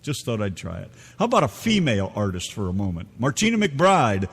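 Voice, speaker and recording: A man's voice: lowish voice, huge pitch swings, a little fast, few pauses, slightly rough, big-room sound. A man hosting an internet radio show in loose, rambling, profane banter.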